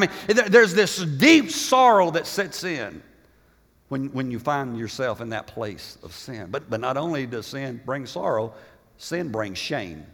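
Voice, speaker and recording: A man preaching a sermon as pastor, impassioned, swinging between loud bursts and hushed passages. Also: mid-range voice, animated, unhurried. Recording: long hall reverb.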